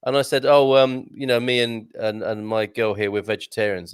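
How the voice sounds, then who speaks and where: A man bantering in casual chat, telling a jokey anecdote in a lively way. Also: on the low side, normal speed, few pauses, clear, resonant tone, no room sound. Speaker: regular of an expat chat show.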